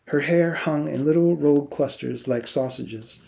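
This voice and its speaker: A male teacher narrating a novel aloud, calm and unhurried. His voice is gravelly with a dark, mellow tone. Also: fairly high pitch.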